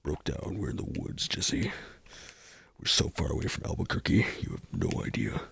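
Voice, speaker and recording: A man voicing a grim middle-aged male chemistry teacher, low, hushed and earnest. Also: huge pitch swings, moderate pace, vocal fry, slightly rough, dry recording, full character voice. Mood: urgent.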